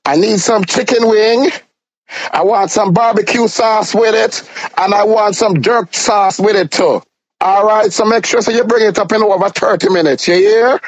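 A brassy Jamaican woman psychic barks out demands in a raised, singsong voice, as a man puts her on. She drags her orders out with a high, bossy lilt and a thick Jamaican accent. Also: moderate pace, no echo.

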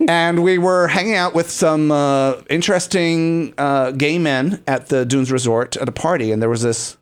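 Male podcast host, campy and playful, slightly high voice, laughs a lot. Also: a little slow, smooth. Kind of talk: campy casual chat.

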